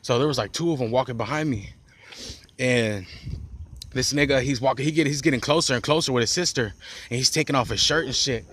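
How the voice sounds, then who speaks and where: A man tells a street story in a loose, rambling way, piling on profane slang and starting sentences over. His voice sits in an ordinary middle pitch. It is caught on a phone outdoors, with a faint wash of ambience behind him. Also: fairly quick, a bit bright, slight background noise. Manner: rambling, profane slang with frequent restarts and "bro". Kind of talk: casual storytime monologue.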